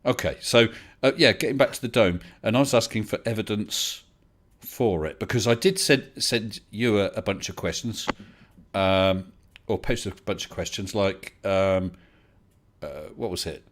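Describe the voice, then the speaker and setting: A man's voice: lowish voice, moderate pace. A man hosting a livestream debate in a polite, casual way, laughing easily and often restarting his sentences. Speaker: livestream host.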